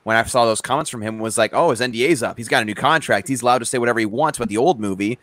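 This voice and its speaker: A man's voice: medium pitch, racing, a bit bright, no room sound. A man co-hosting a casual podcast, eager and agreeable. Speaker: podcast co-host. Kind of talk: casual chat.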